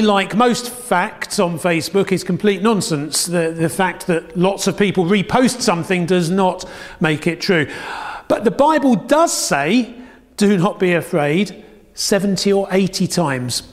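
A man giving a sermon, telling stories with dramatic pauses and a hushed, repeated phrase. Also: sits high. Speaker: preacher. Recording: long hall reverb.

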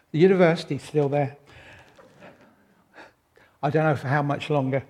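Middle-aged man, sermon delivery, slightly high voice, measured, reflective with a dry, self-mocking wit. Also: steady tone, a little mellow. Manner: unhurried, reflective, with wry self-deprecating asides. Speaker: preacher.

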